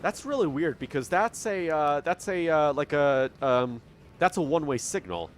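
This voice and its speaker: A man commentates casually on his own train-building game, thinking aloud and puzzling over problems as he plays. His fairly high voice has lively intonation and a moderate pace, recorded on a studio dynamic microphone.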